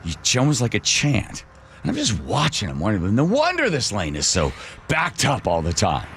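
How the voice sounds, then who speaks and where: A man's voice: lowish voice, wildly swooping pitch, normal speed, fairly bright tone, slight background noise. A middle-aged man, a radio host, telling a story with vivid drama.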